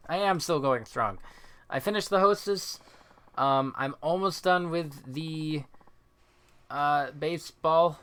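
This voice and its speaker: A man's voice: a little high, slow, long pauses, fairly bright tone, clean tone. A man streaming a game, reading the characters' lines aloud in character and chatting between scenes. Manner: chatty, laughs often, hams up lines with silly voices. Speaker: streamer playing and voicing game dialogue.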